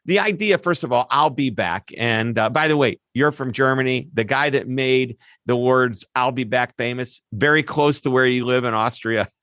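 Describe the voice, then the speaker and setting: A customer service expert, appearing as an interview guest, answers questions in a lively, animated manner and drops quick asides into his explanations. His pitch is medium, and the recording is close and dry with no room echo.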